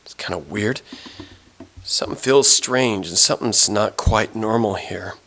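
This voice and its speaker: A man voicing a repentant thief on a cross, sneering at first and later pleading, in halting, repeated phrases. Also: lowish voice, sharp tone, voice pushed down, full character voice. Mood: uneasy.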